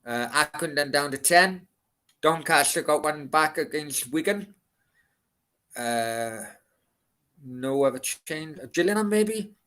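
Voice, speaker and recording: A man in his forties in casual football chat, swearing and reading out scores in quick bursts. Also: a little high, a bit bright. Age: 40s.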